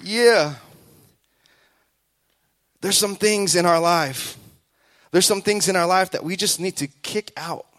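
A man preaching a sermon, emphatic and repetitive, building to loud calls and acting out the voices of people in his stories. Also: sits high, slow pace, long pauses, dry recording. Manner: acts out quoted voices in the telling.

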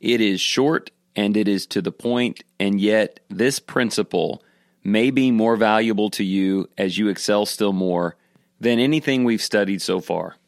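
Low, dry-sounding man giving an earnest devotional talk. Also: measured pace, creaky, dry recording. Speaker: Bible teacher.

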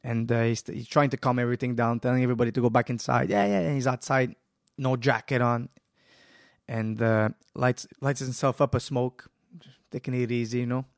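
Gravelly man, animated storyteller in a casual interview, dry sound. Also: mid-range voice, a little fast, dry recording. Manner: animated, acts out quotes, swears. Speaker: guest, jiu-jitsu school owner.

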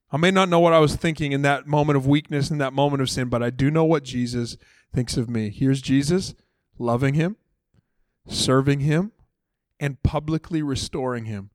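Male preacher, relaxed storyteller, voices the characters, slightly high pitch, dry close sound. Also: dry recording. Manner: conversational, acts out dialogue in casual voices. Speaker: pastor. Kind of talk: sermon.

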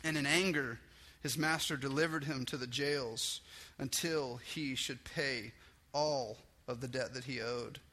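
Talking a little slowly in a mid-range voice, a man gives a relaxed, chatty sermon peppered with restarts and "like." When he voices the story's dialogue, he gets raised and excited.

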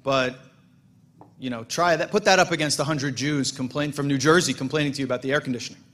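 Middle-aged man, congregation leader, relaxed anecdotes, dry jokes, mid-range voice. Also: medium pitch, quick pace. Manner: casual, storytelling, self-deprecating humor. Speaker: congregation president. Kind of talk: welcome speech to a congregation.

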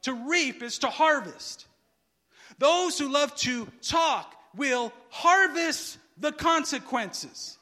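A preacher with a strikingly high, bright voice delivers his sermon slowly and deliberately. He drops to near-murmurs, then rises to shouted emphasis, and he often leaves a word hanging for the congregation to call out. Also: expressive. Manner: swings from hushed asides to shouted emphasis; asks the crowd to finish his sentences.

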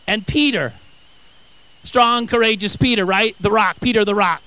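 A man with a high, bright, forceful voice preaches a sermon. He reads scripture aloud and then acts out the quotes with animated energy. He often stumbles and restarts his phrases. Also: normal speed, clean tone, rough recording. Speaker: pastor.

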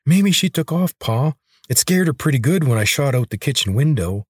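A man's voice: medium pitch, expressive, normal speed, slightly rough, no room sound, studio quality, voice pushed up. A man voicing a dim young farm boy who whines in rural speech. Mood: whiny.

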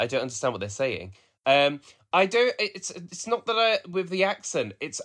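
Bright-voiced man chatting loosely. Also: medium pitch. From Black Country, England. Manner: rambling, with many restarts and fillers. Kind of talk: casual chat.

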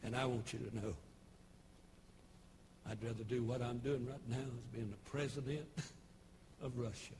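A pastor in his sixties with a Tennessee Southern accent, preaching a folksy, humorous sermon with homespun storytelling and sudden shouted bursts. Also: mid-range voice, slow, pauses often, background noise. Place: church service broadcast on television.

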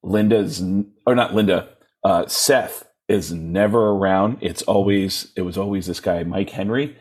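Husky-voiced man telling comic stories. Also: deep voice, measured pace. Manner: animated, self-deprecating, laughs often, lots of restarts. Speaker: guest comedian. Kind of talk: casual storytelling in conversation.

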